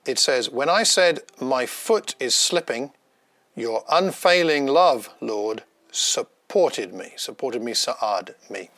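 Man, gravelly voice, dry close sound, reflective devotional talk, gentle and personal. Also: mid-range voice, dry recording. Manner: gentle, personal, unhurried with pauses and restarts. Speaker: devotional speaker.

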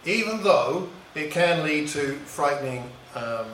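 This reflective talk comes from a middle-aged man from England recounting a boyhood story in a musing way, with small restarts. His slightly high, somewhat bright voice is animated yet unhurried, heard off-mic in a roomy echo with a little hiss or hum.

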